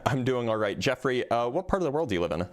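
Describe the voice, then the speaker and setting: A man's voice: mid-range voice, very animated, fast talker. A man hosting a live debate stream, talking casually with lots of fillers and restarts. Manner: casual, hesitant, many fillers.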